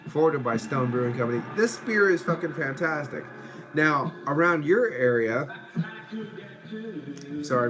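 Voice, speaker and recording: A man casually reviewing a beer on a live stream at home, rambling, swearing, and now and then breaking into shouts at viewers. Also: medium pitch, poor audio.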